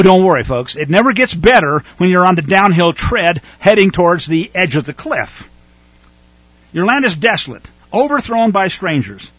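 A man's voice: high-pitched, fairly bright tone, slightly rough, dry recording, highs cut off. A man preaching a sermon in a scolding, sarcastic manner with mocking asides.

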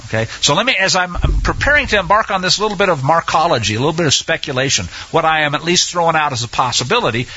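Animated musing male Bible teacher. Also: on the high side, fast talker, hardly any pauses, a little hiss or hum. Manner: musing, asks himself questions aloud. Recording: dull lo-fi sound.

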